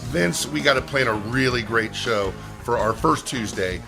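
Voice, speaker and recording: A man's voice: medium pitch, normal speed, creaky, over music. A man co-hosting a podcast, reading out show plugs and asking the questions in an upbeat way. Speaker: podcast co-host. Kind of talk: casual podcast talk, show promos.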